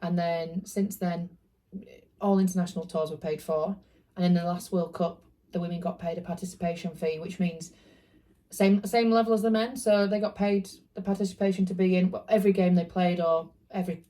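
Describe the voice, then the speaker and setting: A woman from Leeds with a mild Yorkshire accent and a lowish, mellow voice. She answers interview questions in an earnest, measured way. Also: fairly even intonation. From Leeds, Yorkshire, England. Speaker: guest rugby league player.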